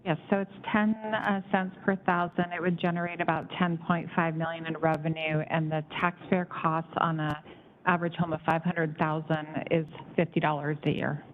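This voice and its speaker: A woman's voice: sits low, little pitch movement, moderate pace. A woman on county staff giving budget figures at a public meeting in a matter-of-fact way. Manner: matter-of-fact, careful with numbers. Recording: tinny phone-like audio with faint hiss.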